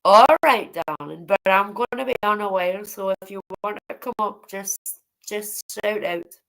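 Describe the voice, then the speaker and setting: A woman's voice: medium pitch, normal speed, creaky, fairly bright tone, low-quality recording. A woman chatting casually on a livestream, blunt and swearing freely as she greets viewers by name. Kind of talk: casual live-stream chat with viewers.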